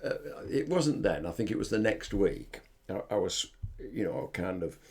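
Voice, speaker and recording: Older male podcast host, deep and gravelly, earnest and halting reflective monologue. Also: very animated, darkish tone, a little hiss or hum.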